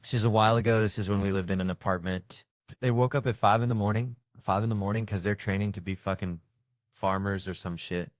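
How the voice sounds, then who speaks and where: A man's voice: lowish voice, steady tone, fairly quick, no echo, clean studio sound. A man doing stand-up, telling stories in a profane, exasperated, punchy way. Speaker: stand-up comedian. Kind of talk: stand-up storytelling.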